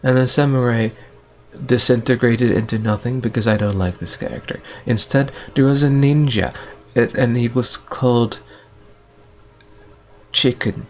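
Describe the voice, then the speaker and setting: A man's voice: medium pitch, a little slow. A man improvising a spoken story in a rambling, hesitant way, with many restarts and fillers.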